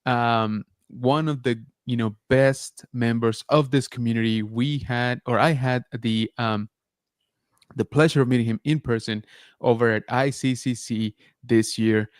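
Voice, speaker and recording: A man's voice: mid-range voice, steady tone, measured pace, clear, resonant tone, dry recording. Man, livestream host, casual chat, lots of fillers, dry close sound. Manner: chatty, many fillers, reads chat aloud. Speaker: podcast host.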